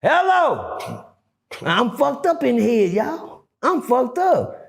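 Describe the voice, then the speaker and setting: A middle-aged man telling a story casually, profane and animated, acting out the dialogue. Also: very high-pitched, unhurried, vocal fry. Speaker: guest storyteller.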